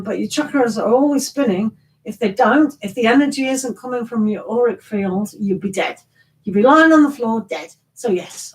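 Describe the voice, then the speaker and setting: A woman's voice: a little high, rough recording. A middle-aged woman chatting casually with viewers as a tarot reader on a live stream, rambling and teasing with laughs.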